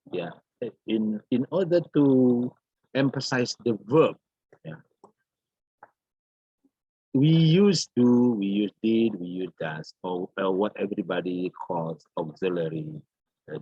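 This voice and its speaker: A man explains grammar in a slow, unhurried lesson, often repeating himself and restarting his sentences. His voice is low and a little husky. The recording is dry and dull, with a lo-fi sound. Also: dark tone, dry recording. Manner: halting and repetitive, restarts phrases, many fillers. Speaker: English teacher.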